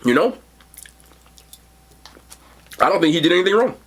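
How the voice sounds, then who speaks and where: A man vlogging a food review, telling a story in a casual, animated way and calling his viewers bro and y'all. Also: on the high side, normal speed, slightly rough.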